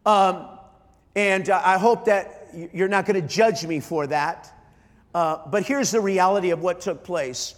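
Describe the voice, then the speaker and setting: A middle-aged man, a pastor, preaching an emotional sermon, often halting and repeating his starts. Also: high-pitched, in a large hall. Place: large church hall.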